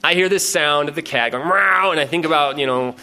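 A man spins a rambling comic anecdote, swearing freely and getting worked up as he goes. His voice is bright and edgy, sitting a little high for a man. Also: quick pace. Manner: profane, rambling, animated retelling. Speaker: storyteller. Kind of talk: casual comic storytelling.

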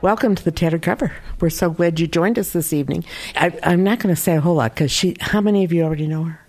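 Low-voiced woman introducing an author. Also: fast talker, a little mellow. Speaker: bookstore staff introducing the guest. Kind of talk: brief live introduction.

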